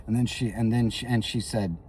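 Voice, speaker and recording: A man's voice: medium pitch, fairly even intonation, fairly quick, a little mellow, recorded from a distance, slight background noise. A man rambling through a comic monologue in character, stammering and repeating himself. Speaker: comedic storyteller.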